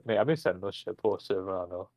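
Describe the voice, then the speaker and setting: A man's voice: deep voice, fairly even intonation, rapid-fire, a little mellow, no room sound. A young man, a British streamer rambling profanely in casual chat and laughing at his own jokes. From Britain.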